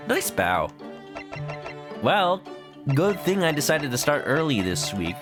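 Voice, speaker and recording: A man's voice: on the high side, big pitch swings, slow pace, pauses often, over music. Chatty, playful streamer guy. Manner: chatty, playful, lots of fillers. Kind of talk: casual let's-play commentary.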